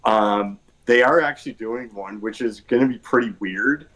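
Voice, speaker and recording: A man's voice: lowish voice, moderate pace, a bit bright, low-quality recording. A man on a podcast panel, chatting casually and explaining at length in a rambling, meandering way. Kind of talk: casual chat.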